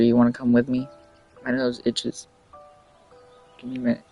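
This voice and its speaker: A man's voice: medium pitch, level tone, brisk, pauses often. A young man streaming a video game, chatting in a rambling, jokey way and laughing often. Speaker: livestreamer. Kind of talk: casual gameplay commentary. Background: faint game music.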